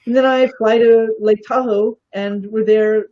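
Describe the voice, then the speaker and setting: A woman's voice: on the high side, steady tone, a little slow, dull audio. A woman guest telling a story in casual talk, animatedly acting out the voices of the people she quotes.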